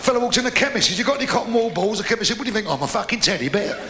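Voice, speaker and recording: A man telling quick-fire jokes as a stand-up comedian, doing little voices for his characters. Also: high voice, lively intonation, heavy background noise. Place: pub venue with live audience. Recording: echoey live pub recording with crowd.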